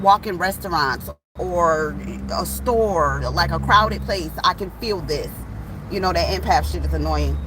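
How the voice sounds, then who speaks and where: Chatty woman tarot reader, mid-pitched, animated, casual swearing, recorded outdoors with faint traffic behind. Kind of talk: casual storytelling vlog.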